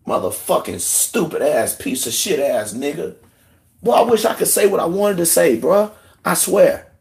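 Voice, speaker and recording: A man rants on his livestream in a heated, profane voice, sliding from low muttering up to outright shouting. He sounds emotional, close to tears. His voice sits somewhat high for a man. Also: expressive, moderate pace, creaky. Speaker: livestream host. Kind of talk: angry livestream rant.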